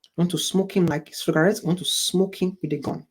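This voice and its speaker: A man's voice: high-pitched, fairly even intonation, fairly quick, breathy edge. Man giving mocking reaction commentary. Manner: mocking, mimics the people he reacts to. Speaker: reaction video host.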